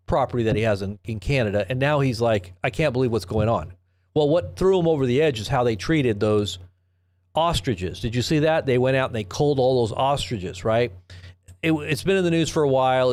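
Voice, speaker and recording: A man's voice: medium pitch, darkish tone. A man hosting a live commentary stream, talking in a rambling, sarcastic way with frequent restarts and rhetorical questions. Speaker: host of a live news commentary channel.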